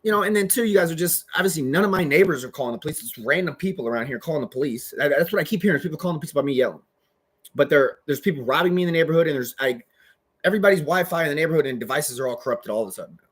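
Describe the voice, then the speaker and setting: Man, rapid-fire delivery, rambling and agitated, heavy swearing, vlog rant. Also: on the high side, animated, a bit bright, husky. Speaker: vlogger. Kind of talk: profane ranting monologue.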